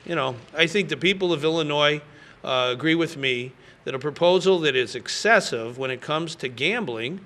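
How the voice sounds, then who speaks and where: Governor at a press conference: man in his sixties, slightly high, bright, forceful delivery, folksy and emphatic, lots of "uh". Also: normal speed. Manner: folksy, emphatic, frequent fillers. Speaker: state governor.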